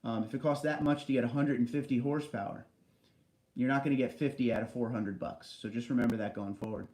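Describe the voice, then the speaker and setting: A man hosts a relaxed livestream, reading out viewer comments and chatting back at them. His voice sits at an ordinary middle pitch. It rings with the echo of a big basement room. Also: quick pace, a little hiss or hum. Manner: chatty, reads comments aloud and answers them. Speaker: livestream host. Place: large basement room indoors.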